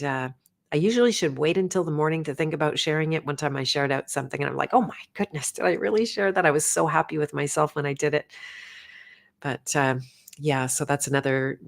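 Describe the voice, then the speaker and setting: A middle-aged woman hosting a livestream and coaching, chatting casually and rambling with frequent self-corrections. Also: low-pitched.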